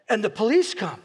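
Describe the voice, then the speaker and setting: A pastor preaching a sermon in a large church hall, telling stories with restarts and repeated words and building to impassioned peaks. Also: male voice, high-pitched, slightly rough. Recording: long hall reverb.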